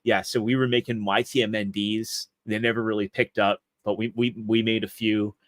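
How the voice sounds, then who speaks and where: A man in his thirties, a guest on a casual podcast, telling stories about his life in a rambling way and often restarting his sentences. His voice is fairly low, and the sound is dry and close. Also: level tone, moderate pace, dry recording. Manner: rambling storyteller with frequent restarts. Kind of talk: casual interview chat.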